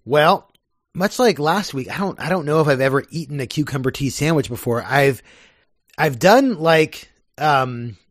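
A man's voice: a little high, animated, normal speed, no room sound, clean studio sound. A man co-hosting a podcast in casual chat, amused and laughing often. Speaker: podcast co-host.

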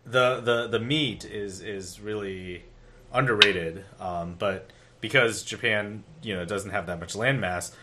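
A man on a podcast explaining things casually, halting now and then with fillers. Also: on the low side, crowd noise. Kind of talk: casual chat.

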